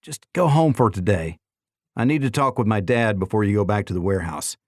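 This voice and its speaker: A man's voice: fairly low pitch, brisk, darkish tone, dry recording, studio quality, natural voice. An audiobook narrator voicing a firm, level-headed sixteen-year-old girl, giving instructions.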